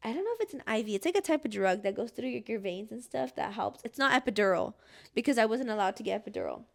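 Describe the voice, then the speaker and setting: A young woman hosts a casual podcast with a somewhat high voice. She rambles through a personal story and drops "like" into nearly every phrase. She acts out her own past pleas and cries as she goes. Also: lively intonation, fast talker, vocal fry. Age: young adult. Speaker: podcast host.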